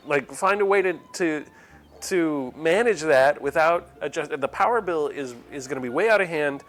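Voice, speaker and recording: A man's voice: a little high, moderate pace, a bit bright. A man live-streaming a game, chatting casually and playing a mock-exasperated father scolding his chat. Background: faint game music.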